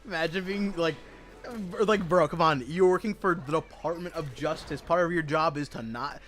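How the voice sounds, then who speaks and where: A young man with a slightly high voice rambles through a story while he plays, swearing freely and tossing in slang. Faint game music runs underneath his casual, unscripted talk. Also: normal speed, a bit bright. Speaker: gaming streamer. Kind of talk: casual chat while gaming.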